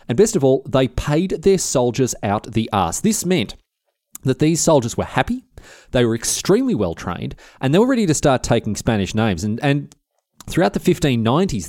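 Aussie history podcast host, rambling and jokey, lively voice, dry close mic. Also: male voice, medium pitch, no room sound. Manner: rambling, jokey, self-interrupting. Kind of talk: comic history podcast narration.

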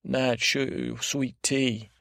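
A man voicing a grumpy, cynical male butterfly who rambles along in halting, grumbling sentences full of fillers for a sleep podcast. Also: mid-range voice, steady tone, creaky, a bit bright, no room sound, clean studio sound, full character voice. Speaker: podcast host. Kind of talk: sleep podcast character monologue.

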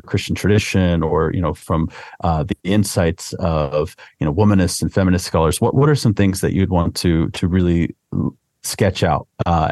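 A man with a very deep voice hosts a podcast, feeling his way through a long question full of restarts and fillers. His voice is close and dry, with no room echo. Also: a little mellow. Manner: halting, with many restarts and fillers. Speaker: podcast host. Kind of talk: interview question.

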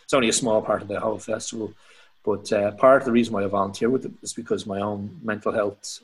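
A man with an Irish accent, a poet talking casually as a podcast guest, reflective and halting with many restarts. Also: lowish voice, fairly even intonation, breathy edge, low-quality recording. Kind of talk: casual conversation.

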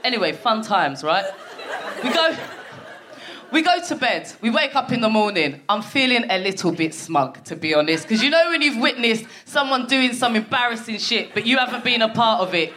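A woman in her forties performing a stand-up comedy set on a theatre stage, telling a story full of swearing and quick asides to the crowd. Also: fairly high pitch, expressive, sharp tone. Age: 40s. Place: theatre stage before a live audience. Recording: noisy live theatre recording.

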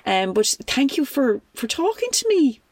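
A woman's voice: high voice, sing-song, a little mellow, no echo. Playful Irish woman podcast host. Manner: playful, teasing, quick to laugh. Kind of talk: casual phone chat.

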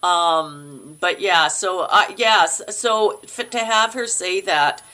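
A middle-aged woman, a guest actor in a casual interview, telling a personal story and acting out the voices of the people in it. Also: takes it slowly. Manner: animated, acts out quoted voices with big pitch jumps.

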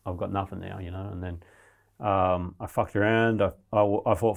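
A man's voice: fairly low pitch, a little fast, creaky. A man telling a survival story in casual, rambling, heavily profane talk. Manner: profane, rambling, animated retelling.

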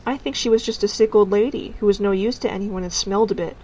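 A woman's voice: medium pitch, fast talker, mellow, lightly acted, poor audio. A woman voicing a stubborn, earnest young village girl in a read-aloud storybook, with her voice slightly raised.

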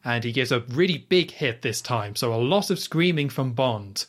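A man's voice: mid-range voice, expressive, normal speed. A young man hosting a podcast, casually retelling a film scene in detail with plenty of fillers and quoted lines. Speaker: podcast host recapping a film. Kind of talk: casual chat.

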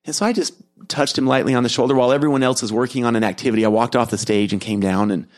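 A middle-aged man speaks in a voice of ordinary pitch, telling a personal story for his podcast. His manner is earnest and gentle, reflective, with soft laughs here and there. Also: fairly even intonation, very fast. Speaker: podcast host and keynote speaker.

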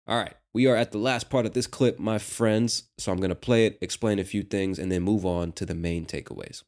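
An American man hosting a lesson, explaining a clip slowly and patiently with casual asides. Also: fairly low pitch, steady tone, darkish tone. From United States. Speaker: host.

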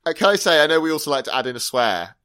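A man's voice: fairly high pitch, big pitch swings, pushed and bright, clean tone. Enthusiastic man chatting on a podcast. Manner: enthusiastic, quick laughs, restarts mid-phrase. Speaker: podcast co-host. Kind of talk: casual chat reviewing a TV episode.

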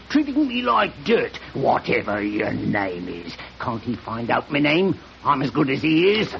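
An actor playing a surly, resentful male deckhand in a 1940s radio drama, sullen and gravelly. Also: mid-range voice. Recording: dull old radio recording with hiss.

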